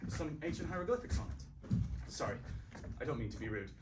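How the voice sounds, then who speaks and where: A man's voice: mid-range voice, very animated, fairly quick, roomy sound, natural voice. A man playing a polite, formal male assistant to an inventor on a live stage. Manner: formal and courteous. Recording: stage heard from far off with loud noise.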